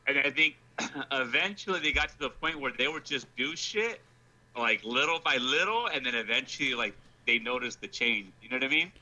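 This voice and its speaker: Lively, bright-voiced man chatting. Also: mid-range voice, moderate pace, low-quality recording. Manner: agreeable, chiming in with his own experiences. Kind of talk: casual chat.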